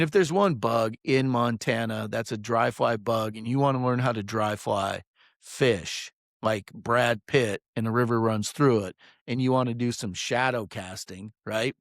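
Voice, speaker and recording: A man who works as a fishing guide tells a story in a casual, rambling monologue. He swears freely and fills his pauses with "um". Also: medium pitch, dry recording, studio quality. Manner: rambling, profane, many "um"s.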